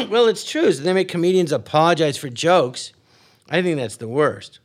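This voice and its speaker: A man with a high, bright voice that swoops up and down as he talks. He is a comedian guest who mixes sarcastic, deadpan jokes with animated storytelling. His tone is sharp and full of life. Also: normal speed. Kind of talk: comic banter and storytelling.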